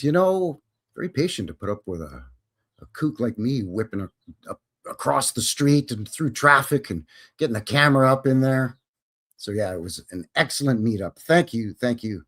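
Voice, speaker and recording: Guy chatting on his stream, goofy and friendly, voice bounces around a lot. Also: medium pitch. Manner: jokey, upbeat, greets viewers by name. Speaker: host. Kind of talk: casual livestream chat.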